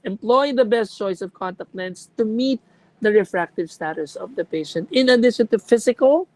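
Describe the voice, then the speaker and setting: A woman's voice: medium pitch, darkish tone, no echo, rough recording. A woman lecturing a class on contact lenses, explaining with examples and checking that students follow.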